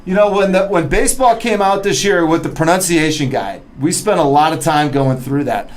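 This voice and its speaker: A man hosting an interview, friendly and self-deprecating, firing off quick questions. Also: fairly high pitch, animated, slight background noise. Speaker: interview host. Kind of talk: casual interview chat.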